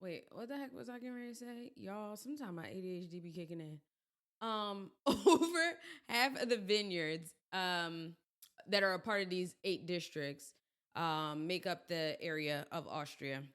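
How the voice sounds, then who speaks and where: A woman hosting a podcast in casual chat, her voice crackly and hoarse as she gets over being sick, talking in chatty, self-deprecating asides. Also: lowish voice, moderate pace, a bit bright. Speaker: podcast host.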